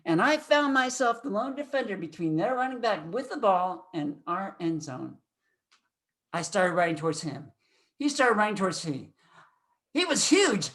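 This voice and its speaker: A man in his sixties gives a storytelling speech to a speaking club. His fairly high voice moves a great deal in pitch. He swings from loud excitement to hushed, quiet moments. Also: moderate pace.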